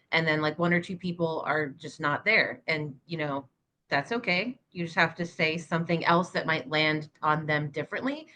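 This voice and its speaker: A woman's voice: fairly low pitch, sharp tone. A woman who teaches yoga, co-hosting a podcast in casual chat, talking emphatically and swearing for emphasis.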